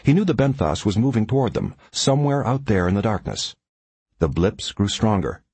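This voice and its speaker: A male narrator reading a thriller audiobook with dramatic, measured pacing. His voice is low and husky, and his pitch moves a great deal. The recording is dry and close. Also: big pitch swings, darkish tone, no echo.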